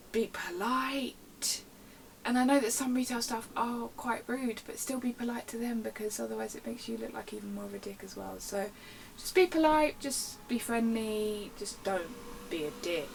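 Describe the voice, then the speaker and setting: A woman's voice: fairly high pitch, vocal fry. A young woman, telling retail storytimes in a casual and indignant rant on her vlog. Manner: animated, indignant ranting. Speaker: vlogger. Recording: slightly distant mic with faint background hiss.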